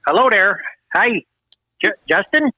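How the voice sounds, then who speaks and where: A man's voice: high-pitched, very animated, measured pace, a crowd in the background, rough recording. A man doing a rambling old-school uncle caller. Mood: rambling folksy. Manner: rambling, folksy, easily confused. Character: fussy old-school elderly uncle calling in.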